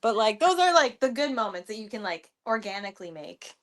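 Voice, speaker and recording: A woman who wrestles, guesting on a podcast and telling stories in an animated way, full of "like". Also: medium pitch, a little fast. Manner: animated storytelling, heavy use of "like". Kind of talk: casual podcast chat.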